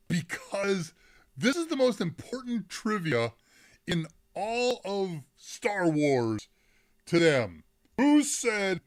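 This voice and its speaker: A man's voice: sits high, sing-song, takes it slowly. A middle-aged man hosting a live tech Q&A stream in casual chat, rambling, breaking off mid-sentence, reading the chat aloud and laughing often, on a desk microphone.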